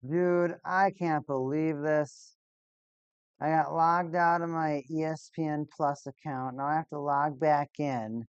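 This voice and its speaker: Streamer ranting to chat, sarcastic and fed up, smooth voice, kinda muffled lo-fi audio. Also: mid-range voice, fairly even intonation, a little slow, dry recording. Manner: exasperated and sarcastic, talking to viewers. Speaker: live-stream host. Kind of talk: casual live-stream chat.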